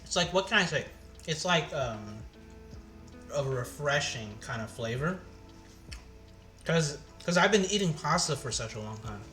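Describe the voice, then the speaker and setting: A man casually chatting on his cooking live stream, thinking aloud with halting pauses as he tastes the food. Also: a little high, lively intonation, bright, forceful tone, soft background music.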